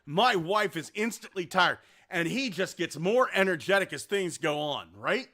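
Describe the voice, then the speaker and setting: A man's voice: high-pitched, moderate pace. A man hosting a podcast, telling a story in a casual, rambling way and swearing a lot. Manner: profane, animated, rambling. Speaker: podcast host.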